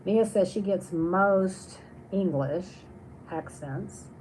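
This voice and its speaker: A woman's voice: on the low side, very slow, a little mellow, a little hiss or hum, poor audio. A woman hosting a casual livestream, reading viewer comments aloud and chatting on in a rambling way with many restarts. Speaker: livestream host.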